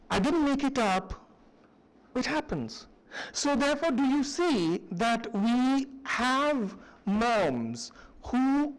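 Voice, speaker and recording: A middle-aged man, giving a university lecture in an animated, anecdotal storytelling manner. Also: very high voice, poor audio. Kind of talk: public lecture. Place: lecture hall.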